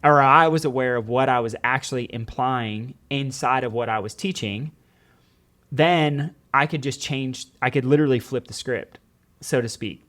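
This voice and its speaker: A man's voice: mid-range voice, moderate pace, a bit bright. Ex-teacher guy on a podcast, mid voice, earnest, lots of "like" and quoting kids. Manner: earnest storytelling with many "like"s and quoted dialogue. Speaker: podcast guest, former teacher. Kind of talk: casual podcast conversation.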